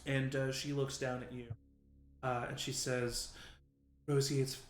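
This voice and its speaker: A man narrating as game master in a relaxed way, with many fillers. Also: mid-range voice, unhurried, roomy sound, soft background music.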